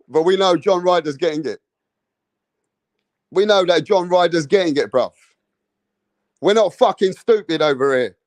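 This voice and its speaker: A man's voice: high voice, dry recording, close to an everyday voice. A man putting on a brash, swearing London boxing fan with a put-on London accent. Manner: swearing, slangy, boisterous.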